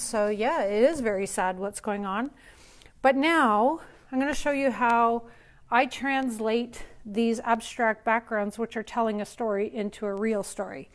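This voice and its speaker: A woman's voice: on the high side, a little slow. A woman painter hosting a live open studio, chatting and thinking aloud as she demonstrates her process.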